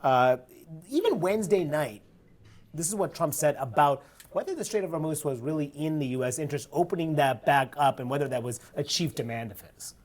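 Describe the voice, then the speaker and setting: A man anchoring a news broadcast, his pitch moving in a lively way as he reads out quotes. He pushes his guest with pointed questions. He speaks in a polished broadcast manner. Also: a little fast, a little hiss or hum.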